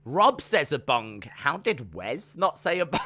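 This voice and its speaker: A man co-hosting a casual podcast live stream, playful and excitable, often slipping into silly voices. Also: a little high, measured pace. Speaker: podcast co-host.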